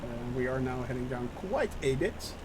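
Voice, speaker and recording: A man's voice: mid-range voice, expressive, normal speed, background noise. A man streaming a flight simulator live, chatting with viewers and talking through the flight with many fillers and restarts. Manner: chatty, lots of fillers, reads chat aloud; nervous about landing. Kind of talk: live gameplay commentary.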